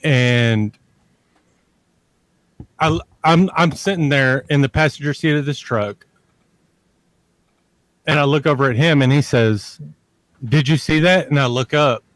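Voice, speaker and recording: A man spins a long, meandering story as a podcast guest, looping back over his points and dropping the odd curse. He takes his time, drawing out his words at an unhurried pace. The sound is close and dry, with no room around it. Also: mid-range voice, fairly bright tone, no room sound. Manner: rambling, repeats himself and curses freely. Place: lives near a large army base in Texas.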